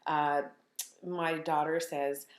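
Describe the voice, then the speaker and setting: A woman play therapist giving earnest, animated advice to parents in a casual chat. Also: sits low, slow pace. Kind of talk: informal parenting talk. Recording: echoey room.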